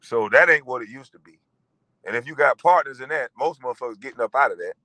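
A man in his forties ranting in a profane monologue, animated and mocking, breaking into laughter. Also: medium pitch, quick pace, dry recording, low-quality recording. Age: 40s. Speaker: vlogger.

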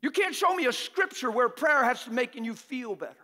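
A man preaching a fervent, exhorting sermon that bursts into shouting, in a church. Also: extremely high pitch, lively intonation, brisk, in a large hall.

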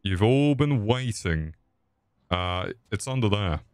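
A man's voice: lowish voice, lively intonation, takes it slowly, a little mellow, clean tone, no room sound, clean studio sound. A man streaming a game with casual, crude, joking commentary and frequent swearing.

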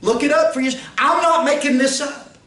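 Pastor, high voice, swoops and shouts, caught from across an echoey church room. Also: male voice, fairly even intonation, moderate pace. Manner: rhetorical questions, pitch swings, rises to shouts. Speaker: pastor teaching a Bible institute class. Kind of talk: fiery preaching. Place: church classroom. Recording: roomy, distant mic, faint hiss.

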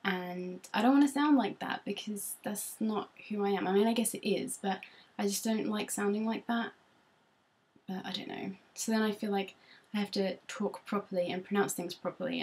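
A young English woman with a soft Norfolk accent talks casually to her computer webcam from a room at home. Her voice sits at an ordinary middle pitch. She rambles self-consciously and fills the gaps with frequent ums. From Norfolk, England. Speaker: beauty vlogger. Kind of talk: casual chat to camera.

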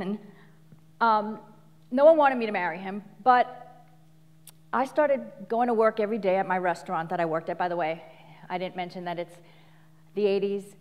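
A middle-aged woman coach giving an animated live talk full of stories, laughing often and acting out quotes. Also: mid-range voice, long reverb tail. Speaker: speaker and coach. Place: large venue before an audience.

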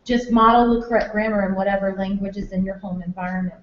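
A woman's voice: mid-range voice, fairly even intonation, fast talker. Chatty woman teacher in an echoey room. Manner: chatty, with many fillers and restarts. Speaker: kindergarten teacher leading a parent workshop. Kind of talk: presenting a workshop to parents. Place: school room or hall. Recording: echoey room, dull lo-fi sound.

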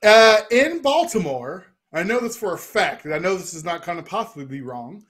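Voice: medium pitch, normal speed. A contestant from Missouri, playing a trivia game with playful, confident banter. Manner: playful and confident, lively intonation. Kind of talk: casual game show banter.

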